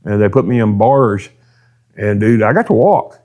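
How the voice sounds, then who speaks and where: Speaking at a normal speed in a fairly low, darkish voice, this man sounds animated. He's a drag racer from Texas on a podcast, casually spinning a rambling, folksy yarn full of "dude" and lines of quoted dialogue.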